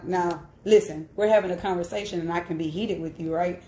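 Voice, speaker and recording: A woman's voice: on the low side, steady tone, fairly quick, few pauses, dark tone, roomy sound. A woman in her thirties sharing a personal story on a live stream, candid and emphatic, often checking in with "right?". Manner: candid and emphatic, with frequent "right?" tag questions. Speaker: host.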